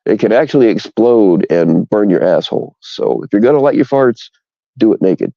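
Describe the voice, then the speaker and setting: A man's voice: on the low side, animated, moderate pace, gravelly, dry recording, dull audio. A man hosting a livestream, rambling through crude jokes in casual chat with his viewers. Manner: rambling, bawdy, joking. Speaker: livestream host.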